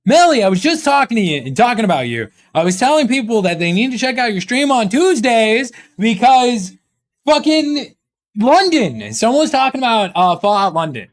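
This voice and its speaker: Animated high-voiced male streamer. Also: moderate pace. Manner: rambling, joking, swearing, reading chat aloud. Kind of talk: casual live-stream chat.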